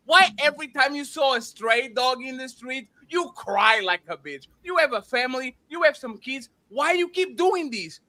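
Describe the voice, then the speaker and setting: A man's voice: very high voice, lively intonation, normal speed, few pauses, sharp tone. A man hosting a podcast, arguing emphatically in a heated debate, interrupting and repeating himself.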